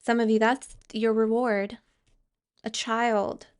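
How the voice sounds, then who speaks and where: Woman, tarot reader, smooth resonant voice, hesitant, reassuring. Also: on the high side, flat delivery, takes it slowly. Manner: hesitant, many fillers and restarts; reassuring, addresses viewers directly. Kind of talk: tarot card reading.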